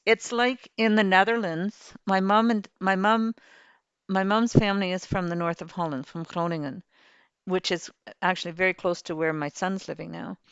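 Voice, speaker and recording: A woman's voice: fairly low pitch, fairly even intonation, moderate pace, clear, resonant tone, no echo, muffled recording. A woman hosting a game livestream, chatting and rambling cheerfully while she plays. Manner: chatty, rambling, laughs easily. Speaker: livestream host. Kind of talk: casual chat while playing a farming game.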